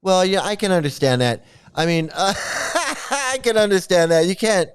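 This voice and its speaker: A middle-aged man rambles through casual commentary, repeating himself, cursing and laughing at his own stories. His voice sits high for a man and comes through smooth and clear. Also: lively intonation, normal speed. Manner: rambling, laughs often, swears, stammers. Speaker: channel host commenting on a cult.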